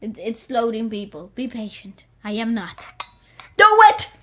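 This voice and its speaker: A woman's voice: on the high side, unhurried, a little mellow, slight background noise. A woman co-hosting a casual music reaction chat, bantering playfully and laughing often. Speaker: co-host reacting to music videos.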